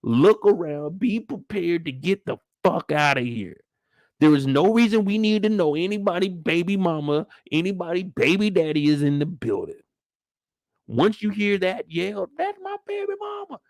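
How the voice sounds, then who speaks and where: A man's voice: a little high, animated, a little slow, a little mellow, no room sound, studio quality. A young adult man hosting a casual, slangy TV recap who acts out scenes as he goes. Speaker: show recap host.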